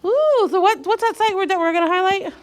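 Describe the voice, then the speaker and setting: A woman teacher leading a young child through a reading lesson, slow and clear, sounding out letters and encouraging. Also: very high-pitched, lively intonation.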